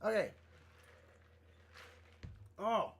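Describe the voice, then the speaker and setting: A man hosting a live drawing stream, chatting casually and rambling, easily excited and flustered. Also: extremely slow, a little hiss or hum. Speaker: livestream artist host. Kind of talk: casual livestream chat while drawing.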